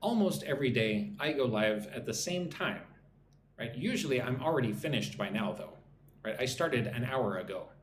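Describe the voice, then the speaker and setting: This live-stream English teacher has a medium-pitched, expressive voice and moves at a moderate pace. He breaks words into syllables, says phrases more than once, and welcomes chat viewers by name, over a faint hiss or hum.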